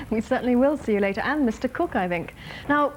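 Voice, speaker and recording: Brisk woman presenting daytime TV. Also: on the high side, lively intonation, a little hiss or hum, rough recording. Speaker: studio host.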